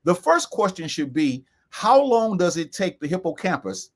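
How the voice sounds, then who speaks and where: Emphatic man with a high voice. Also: big pitch swings. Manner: emphatic, repeats key phrases slowly. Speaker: co-host. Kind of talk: earnest discussion.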